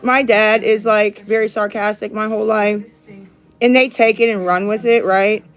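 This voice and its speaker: A woman's voice: mid-range voice, level tone, moderate pace, highs cut off. A woman streaming live, chatting to viewers in a sarcastic, profane, rambling way. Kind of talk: casual live-stream chat.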